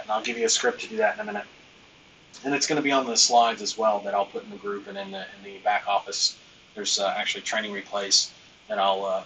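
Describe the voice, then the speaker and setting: A man's voice: medium pitch, a bit bright, recorded from a distance, slight background noise, poor audio. A man hosting a business training live stream, talking loosely and emphatically, with lots of fillers and the odd bit of slang.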